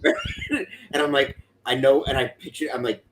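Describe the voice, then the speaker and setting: A man co-hosting a live stream, chatting casually, excitable and over the top, laughing easily. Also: medium pitch, moderate pace, a little hiss or hum. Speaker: podcast co-host. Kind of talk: casual chat. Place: home studio for a live stream.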